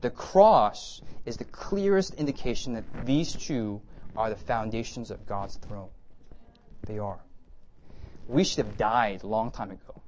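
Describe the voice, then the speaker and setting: A man giving a conversational sermon lecture with slides, lively and often checking in with his listeners. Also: on the low side, a little slow, a little hiss or hum. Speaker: preacher teaching a class.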